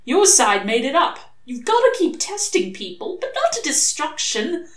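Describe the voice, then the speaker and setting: A woman's voice: high-pitched, sing-song, pitched above the performer's own voice. A woman voicing a sly male demon who presses his arguments urgently. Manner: pushy, fast-pressing arguments. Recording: echoey room.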